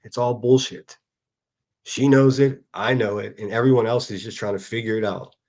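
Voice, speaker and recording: A man's voice: medium pitch, fairly even intonation, normal speed, a little mellow. A man hosting a solo livestream, reading out hostile comments and answering them in a sarcastic, profane rant. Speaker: livestream host.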